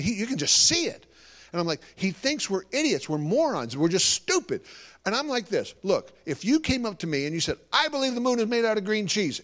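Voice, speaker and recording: Animated man speaking to an audience. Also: high voice. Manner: animated storytelling, acting out conversations. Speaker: Christian ministry speaker. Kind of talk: live talk to an audience.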